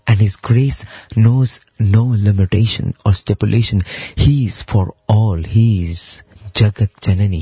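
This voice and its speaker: Husky man with reverent storytelling. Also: lowish voice, no room sound, lo-fi sound. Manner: reverent storytelling, slow emphatic phrasing. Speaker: devotional speaker. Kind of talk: devotional talk explaining a hymn.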